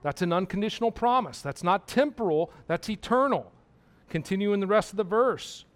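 A man's voice: high voice, animated, brisk. A man preaching a sermon, emphatic and repetitive, asking his listeners questions.

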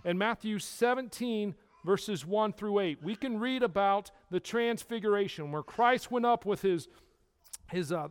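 A man teaching a Bible study, speaking emphatically and asking his listeners rhetorical questions. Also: high voice. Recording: long hall reverb.

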